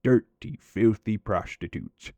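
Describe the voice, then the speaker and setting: A man's voice: fairly low pitch, animated, slow, mellow, dry recording, exaggerated voice. Crude ranting coworker, as a man puts him on. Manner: profane ranting. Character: crude chaotic grumpy male coworker, adult.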